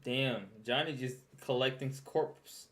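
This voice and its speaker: A man's voice: mid-range voice, steady tone, unhurried, fairly bright tone. Young male streamer, loose and chatty, laughs through his reactions, stumbles and repeats words. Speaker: streamer reacting to a recap video.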